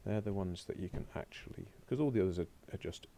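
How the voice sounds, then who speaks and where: He talks fast: a French teacher with a dark, gravelly, mellow voice giving a recorded lesson from his laptop. Chatting away to himself, he comments on the screen while clicking through slides at a home or classroom desk.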